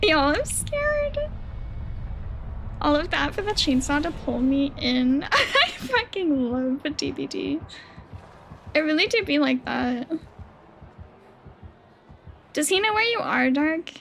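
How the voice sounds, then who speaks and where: A woman streaming a game live, chatting with teammates in an excitable way, swearing and squealing. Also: sits high, measured pace, vocal fry, long pauses, noisy background. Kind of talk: live gameplay chat with teammates.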